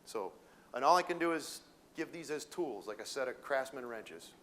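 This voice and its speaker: A man giving an educational presentation to instructors, speaking haltingly with frequent restarts and fillers. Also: mid-range voice, animated, fairly bright tone. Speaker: company presenter.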